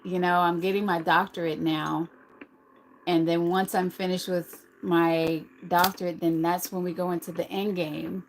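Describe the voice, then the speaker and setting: A woman's voice: on the low side, level tone, normal speed, a little hiss or hum, poor audio. Earnest woman live-streaming to viewers. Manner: earnest, rambling, talks straight to viewers. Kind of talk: casual live-stream chat.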